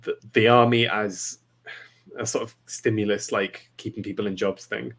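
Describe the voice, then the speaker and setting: A man's voice: lowish voice, steady tone, normal speed, gravelly, fairly bright tone. A man speaking as a guest on a casual political podcast, hesitant and thoughtful, often restarting his sentences.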